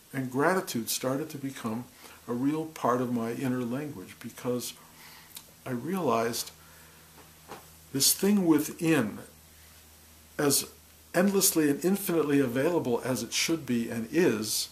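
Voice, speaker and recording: Soft-spoken man, slow reflective talk. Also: medium pitch, rough recording. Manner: slow, soft, intimate, drops to near whispers.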